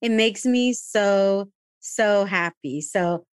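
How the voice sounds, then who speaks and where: A woman's voice: medium pitch, slow, clear, resonant tone, dry recording, clean studio sound. A woman hosting a podcast, chatty and gushing, sprinkling Spanish words into her English. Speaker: podcast host. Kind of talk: casual interview chat.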